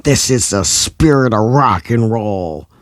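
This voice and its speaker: A man voicing an over-excited wannabe rock star who shouts his lines theatrically and high. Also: slow pace, no room sound, clean studio sound. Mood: shouting. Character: over-excited middle-aged man playing air-guitar rock star.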